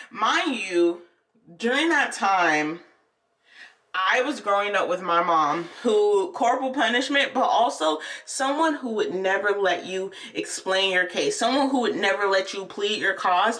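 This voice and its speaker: A young woman vlogger telling a personal story in casual, candid chat, animated and often laughing. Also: mid-range voice, recorded from a distance.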